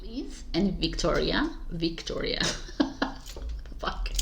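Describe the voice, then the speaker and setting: A woman's voice: fairly low pitch, animated, unhurried, vocal fry, fairly bright tone, a little hiss or hum. A woman doing tarot intros who keeps laughing, stumbling over her words and swearing casually. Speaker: tarot reader. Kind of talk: casual blooper chat.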